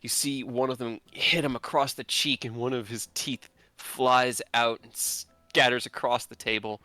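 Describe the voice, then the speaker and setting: A man narrating a tabletop game as game master, animated and laughing often. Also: medium pitch, unhurried, no room sound.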